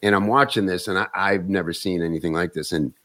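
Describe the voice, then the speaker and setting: Lower-voiced man telling comedy stories. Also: quick pace. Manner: animated, restarts words often. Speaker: comedian and actor. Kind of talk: casual storytelling chat.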